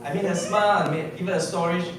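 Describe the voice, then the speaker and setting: A man's voice: high voice, fairly even intonation, rapid-fire. A middle-aged man giving a humorous sales seminar talk, telling stories and chuckling at his own jokes. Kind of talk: humorous storytelling talk to an audience. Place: large hall before an audience. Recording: echoey hall from far off with noise.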